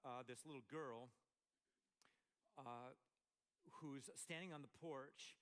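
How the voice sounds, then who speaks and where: A man's voice: mid-range voice, takes it slowly, fairly bright tone. An older man from Montana preaching a sermon, explaining scripture in a conversational, storytelling way with asides. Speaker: pastor.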